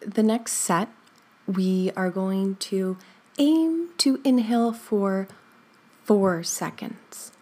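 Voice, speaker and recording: A woman leading a guided breathing exercise, counting slowly and softly with gentle, encouraging words. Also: mid-range voice. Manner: slow, soothing counting with soft whispered stretches; gentle encouraging asides with light laughs. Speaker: breathing instructor.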